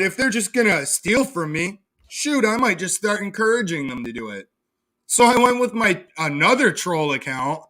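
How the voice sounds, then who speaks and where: A young man streams a loose, profane rant, taunting his rivals and laughing at his own jokes. His voice sits high and bright. It swoops up and down as he scoffs. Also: very animated, moderate pace. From Canada. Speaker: live streamer. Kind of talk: casual ranting livestream chat.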